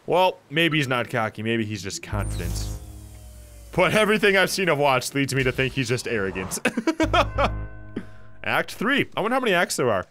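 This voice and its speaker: A man giving casual let's play commentary, animated and reading game lines aloud at a desk mic. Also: medium pitch, moderate pace, soft background music.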